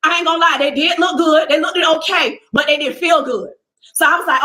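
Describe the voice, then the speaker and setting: High, bright woman in an echoey room. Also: fairly quick. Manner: animated, talks to viewers as y'all, acts out what people said. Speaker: person telling a personal story. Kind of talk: casual first-person storytelling.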